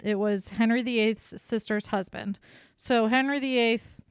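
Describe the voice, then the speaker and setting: A woman's voice: on the high side, fairly even intonation, unhurried, smooth, dry recording, clean studio sound. A woman co-hosting a podcast, telling history in a casual, irreverent way and swearing freely. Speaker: podcast co-host.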